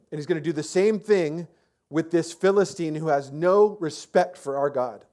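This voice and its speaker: Casual chatty preacher man, slightly high voice. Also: moderate pace, darkish tone. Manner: casual, chatty storytelling with many fillers and restarts. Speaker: pastor. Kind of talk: conversational sermon.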